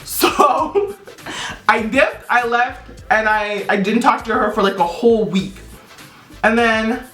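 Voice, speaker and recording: A young woman vlogger telling a personal story to camera, casually, in an animated and blunt way with casual profanity. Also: a little high, takes it slowly, distant mic. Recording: roomy echo with faint music.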